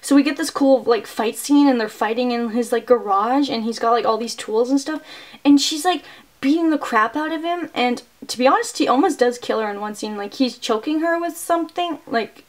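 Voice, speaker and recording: Young woman, fairly high voice, chatty movie review, excitable, lots of filler words. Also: normal speed. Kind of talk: casual retelling of a film plot.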